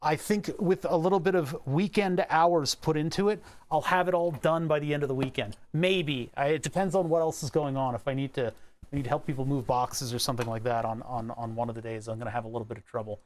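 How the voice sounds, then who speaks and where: With slight background noise behind him, a young electronics vlogger from Delaware County, Pennsylvania, talks fairly quickly in a steady mid-range voice. He rambles playfully to himself as he works on a build.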